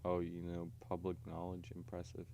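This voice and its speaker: A man's voice: deep voice, monotone, moderate pace, mellow, slight background noise. A man hosting a casual livestream video chat with strangers, rambling and profane in a provocative way. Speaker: livestream host.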